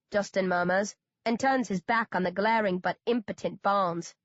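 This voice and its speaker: A woman narrating an audiobook in the first person with a steady, measured reading. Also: mid-range voice, dry recording, highs cut off.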